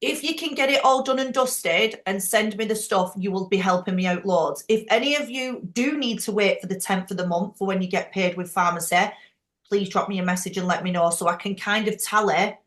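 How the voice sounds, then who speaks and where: A woman leading a group call, chatty and frank, quick to laugh. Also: mid-range voice, a bit bright, reverberant. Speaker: team leader hosting a group call. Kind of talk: casual chat.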